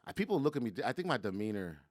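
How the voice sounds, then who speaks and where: A comedian in his forties telling stories casually on a podcast, animated and quick. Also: medium pitch, dry recording, studio quality. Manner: animated, fast storytelling with acted-out quotes. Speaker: comedian guest.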